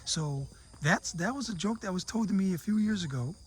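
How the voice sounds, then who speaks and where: A man's voice: sits high, lively intonation, a little fast, husky. A man casually telling a long joke to camera, acting out the characters in raised voices. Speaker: vlogger living abroad.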